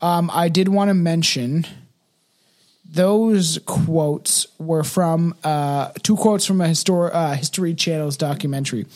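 A man's voice: on the high side, measured pace, a little mellow. A man co-hosting a casual podcast, reading an article aloud with many fillers and restarts while drinking scotch. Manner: stumbling reader, frequent restarts and fillers. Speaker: podcast co-host.

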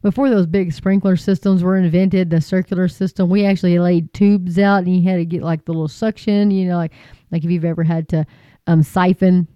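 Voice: mid-range voice, warm tone, clean tone, no room sound, dull audio. A faith vlogger chatting casually to viewers in a rambling, folksy way, with many fillers and preachy turns. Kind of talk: casual chat to camera.

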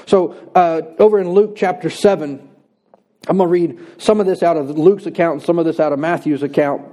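A male pastor preaching a sermon with a mellow, warm tone and a voice pitched a little high. He is earnest and slows down to press his points.

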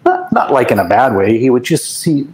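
A man's voice: mid-range voice, very animated, normal speed, a little mellow, low-quality recording. Older canadian guy reminiscing, reflective, chatty, keeps restarting himself. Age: 60s. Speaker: guest musician. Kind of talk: casual interview chat.

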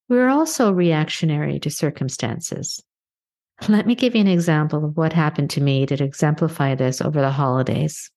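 Low-voiced middle-aged woman from canada doing a motivational podcast, earnest, measured, slows down on the big points. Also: darkish tone. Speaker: podcast host. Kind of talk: reflective motivational monologue.

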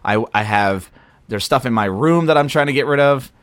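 A man's voice: mid-range voice, animated, moderate pace, fairly bright tone, no echo. A young man, co-hosting a podcast in casual, rambling chat, often stopping and restarting his sentences. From Philadelphia area. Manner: rambling, self-interrupting, easygoing. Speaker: podcast co-host.

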